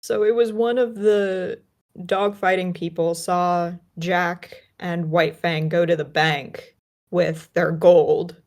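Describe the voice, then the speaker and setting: A woman's voice: lowish voice, a little mellow. A woman co-hosting a podcast from a remote call, chatting casually about a film with lots of fillers and restarts. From United States. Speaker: podcast co-host.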